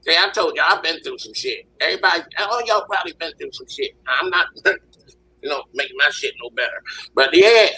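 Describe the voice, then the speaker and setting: A man on a discussion panel with a hoarse, husky voice from a recent illness, ranting heatedly and swearing a lot. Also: fairly high pitch, expressive, a little fast, pushed and bright, slight background noise, rough recording.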